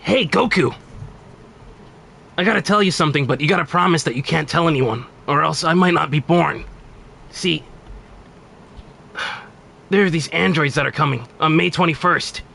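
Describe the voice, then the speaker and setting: A man's voice: a little high, moderate pace, creaky, pauses often, heavily acted. A man doing an impression of a young male anime time-traveler who pleads urgently about killer androids. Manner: urgent, pleading, breaks into laughing shouts. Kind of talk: live-stream impression.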